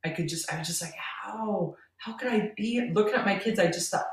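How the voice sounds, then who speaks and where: A woman's voice: medium pitch, animated, fairly quick, hardly any pauses. A middle-aged woman, a podcast guest, earnestly telling a personal story and laughing between lines. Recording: roomy, distant from the mic.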